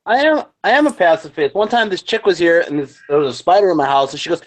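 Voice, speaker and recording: A man in a casual group chat telling a story in an animated way. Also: high-pitched, racing, few pauses.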